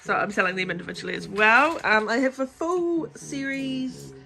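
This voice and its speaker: A woman's voice: a little high, animated, moderate pace, creaky, bright, forceful tone. A woman from New chatting casually and playfully on a shop vlog. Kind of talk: casual chat. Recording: faint background noise.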